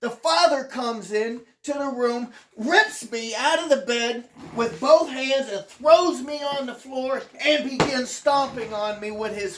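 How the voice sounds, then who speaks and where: Telling a personal memoir, this channel host speaks in an earnest, halting way, often starting sentences over, and is emotional enough to near tears at points. The voice is high and a bit bright, recorded in a roomy space with slight background noise.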